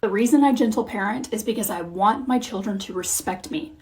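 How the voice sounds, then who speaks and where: A woman in her thirties telling a candid, profane, animated parenting story in a vlog. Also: mid-range voice, brisk. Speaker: mom content creator. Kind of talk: confessional vlog monologue.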